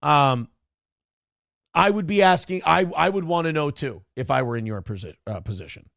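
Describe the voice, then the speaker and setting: A man in his thirties chats on a livestream, reading viewers' donation messages and laughing them off. His voice sits a little high and carries a gravelly rasp. The sound is close and dry, with no room echo. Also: animated, moderate pace, fairly bright tone. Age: 30s. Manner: laughing, bantering, evasive. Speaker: livestream host.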